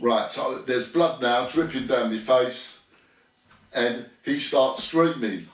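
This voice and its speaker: A man, a former bouncer, telling a rough story bluntly, acting out what was said and swearing freely. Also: medium pitch, takes it slowly, recorded from a distance. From Britain. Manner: blunt, swearing, acts out quoted dialogue. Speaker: former bouncer, interview guest. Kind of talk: storytelling anecdote. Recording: echoey room, voice a bit off-mic.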